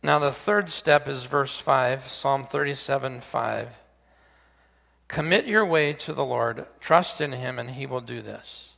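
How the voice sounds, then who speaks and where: A man's voice: medium pitch, unhurried, vocal fry, a bit bright, big-room sound. A man preaching a sermon in a folksy way, with joking asides and frequent restarts. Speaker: pastor.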